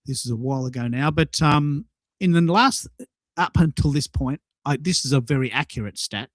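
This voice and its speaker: A man's voice: medium pitch, normal speed, no echo. Eager man, dry close sound. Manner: enthusiastic, repeats and restarts words. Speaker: podcast co-host. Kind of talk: casual chat.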